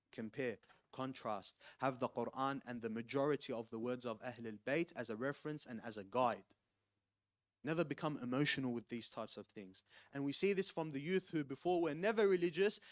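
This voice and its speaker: A male preacher delivers a mosque sermon in an ordinary mid-range voice. He presses his points emphatically, often building to loud, urgent warnings. The sound is dry and close, with little room echo. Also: mid-range voice. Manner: ends in rapid Arabic prayer.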